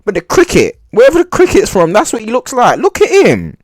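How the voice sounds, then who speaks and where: A man's voice: high voice, wildly swooping pitch, brisk, dry recording, clean studio sound. A young man hosting a podcast, reacting to clips with mocking exclamations and muttered asides. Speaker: podcast host. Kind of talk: reaction commentary.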